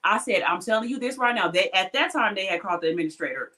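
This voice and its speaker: A woman's voice: mid-range voice, animated, quick pace, pushed and bright. A woman who works as a hospital technician, telling a heated work story in casual chat, blunt and swearing freely.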